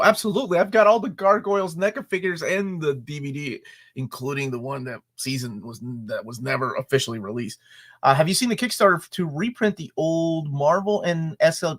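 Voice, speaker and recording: A man in his forties co-hosting a live comics chat show, enthusiastic and relaxed, reading sponsor spots and answering viewers. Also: a little high, a little fast. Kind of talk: casual live-stream chat.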